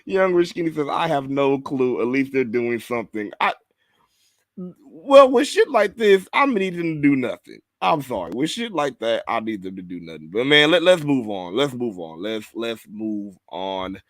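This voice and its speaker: Guy hosting a podcast, rambly and swears a lot, dry close sound, kinda mid-pitched. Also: big pitch swings, moderate pace, no echo. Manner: rambling, profane, repeats himself; laughs often, reads viewer comments aloud. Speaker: podcast host. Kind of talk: casual review chat.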